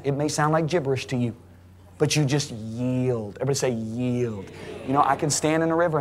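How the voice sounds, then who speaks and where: A man preaching a sermon to a congregation, emphatic and rising to near shouting at high points. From United States. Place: large church hall. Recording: live sermon in a reverberant hall.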